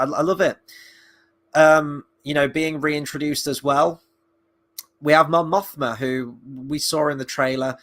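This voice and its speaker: A man's voice: mid-range voice, a bit bright. A man reviewing a TV episode in casual live-stream chat, enthusiastic and opinionated as he thinks aloud. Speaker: film and TV reviewer.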